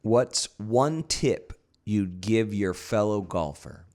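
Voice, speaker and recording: Low-voiced man co-hosting casually. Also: takes it slowly, a little mellow. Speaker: podcast co-host and editor. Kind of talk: casual chat.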